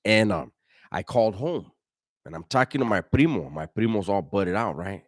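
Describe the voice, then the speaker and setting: A man's voice: on the low side, expressive, normal speed, no room sound. Profane, slangy man livestreaming, dry sound. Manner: profane, slang-heavy storytelling, frequent restarts. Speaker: livestream host. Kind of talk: casual livestream chat reading viewer donations and comments.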